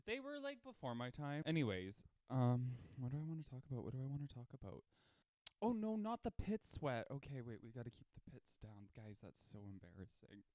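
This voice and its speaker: Young canadian dude rambling on his podcast, smooth clear voice, kinda self-deprecating. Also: mid-range voice, big pitch swings, quick pace, few pauses, a little mellow, no room sound. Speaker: podcast host. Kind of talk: casual solo chat.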